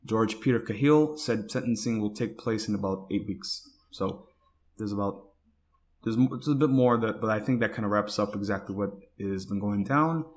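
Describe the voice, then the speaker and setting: A man with a fairly low voice hosts a talk podcast, reading news reports aloud. He often stumbles and restarts words, and breaks off into casual spoken asides. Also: moderate pace. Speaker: podcast host.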